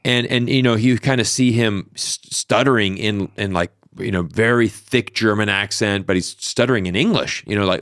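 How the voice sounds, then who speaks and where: A man's voice: fairly low pitch, normal speed, hardly any pauses, dry recording, studio quality. A man in his thirties, telling stories in a casual interview with lots of fillers and restarts. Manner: animated storyteller, many fillers and restarts. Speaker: podcast guest.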